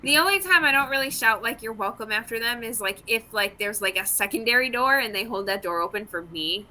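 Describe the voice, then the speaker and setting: A woman with a higher voice and a very bright, sharp tone, co-hosting a podcast. She chats casually and upbeat, and reads the show's announcements. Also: lively intonation, fairly quick. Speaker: podcast co-host. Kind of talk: casual chat and show announcements.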